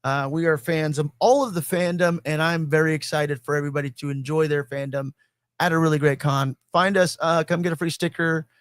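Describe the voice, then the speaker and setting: A man's voice: on the high side, fairly quick, clean tone, no echo, studio quality. Upbeat male podcast host. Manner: energetic, joking, plugs guests. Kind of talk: casual group podcast chat.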